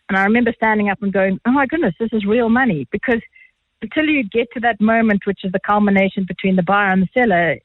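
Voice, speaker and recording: A woman with a South African accent, an art auctioneer guest telling lively, chatty anecdotes quickly in a phone interview. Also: mid-range voice, no echo. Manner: fast-talking, chatty, animated. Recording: tinny phone line, dry.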